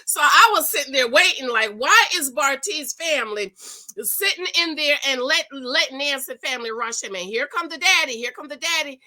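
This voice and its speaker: A woman recapping a reality show in animated, slangy gossip, acting out what people said. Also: high-pitched, normal speed. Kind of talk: casual gossip chat.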